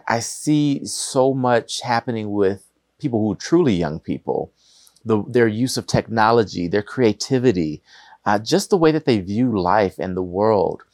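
A middle-aged man hosts a podcast in a relaxed, chatty way, full of enthusiasm and loose restarts. His voice sits a bit low, and the sound is dry and close with little room. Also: dry recording. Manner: warm, enthusiastic, rambling with restarts. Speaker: podcast host. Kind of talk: casual conversational interview.

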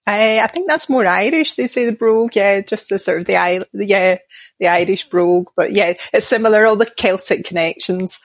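A woman from Scotland with a Glaswegian accent, a mindfulness coach speaking calmly and in measured explanations as a podcast guest. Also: mid-range voice, no echo. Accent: Glaswegian Scottish. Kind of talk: podcast interview.

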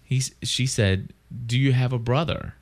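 Rambling, excitable man hosting. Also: medium pitch, normal speed. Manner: rambling and excitable, many restarts and fillers. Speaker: podcast host. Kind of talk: casual chat.

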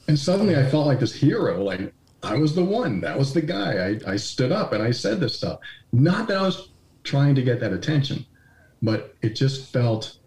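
A man's voice: lowish voice, a little mellow. A man guest in an interview, telling personal stories candidly and with self-deprecation, acting out quoted dialogue as he goes. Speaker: podcast guest. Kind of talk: conversational storytelling. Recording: roomy echoey recording.

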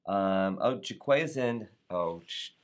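A man's voice: sits low, animated, takes it slowly. Upbeat man hosting a live chat. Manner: upbeat and playful, trips over words. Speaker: host of a live show. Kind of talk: live-stream chat reading viewer comments. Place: Atlanta area.

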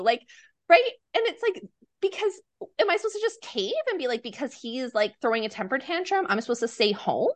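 A woman chatting as a podcast guest, animated and quick to act out the things people said. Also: high-pitched, no echo. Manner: animated, acts out quoted dialogue. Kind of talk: casual podcast conversation.

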